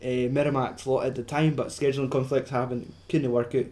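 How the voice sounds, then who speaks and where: A man's voice: mid-range voice, level tone, fairly quick, a little mellow. A man co-hosting a casual film chat, rambling and sweary with lots of fillers. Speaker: podcast co-host.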